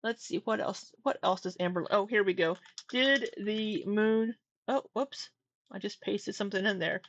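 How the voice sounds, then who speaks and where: A woman's voice: medium pitch, steady tone, normal speed, dull audio. A woman hosting a casual livestream, talking candidly, swearing now and then and getting exasperated. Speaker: livestream commentary host.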